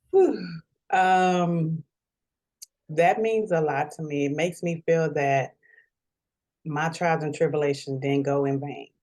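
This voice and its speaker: Sitting low in pitch with a darkish tone, this middle-aged woman talks at a measured pace. Interviewed on camera, she sounds tearful and deeply grateful, her words coming from the heart.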